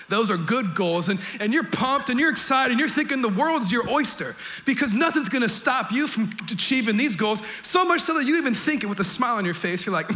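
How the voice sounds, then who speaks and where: A male pastor preaching a sermon in a church, energetic and playful, joking with the congregation and sometimes shouting. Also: high voice, unhurried, soft background music. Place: church sanctuary.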